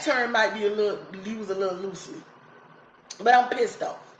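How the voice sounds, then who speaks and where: Mom vlogger going off, emphatic and repeating herself, echoey room, medium pitch. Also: female voice, moderate pace, slight background noise. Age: adult mother. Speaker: YouTube vlogger. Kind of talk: casual reaction commentary. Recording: roomy echo.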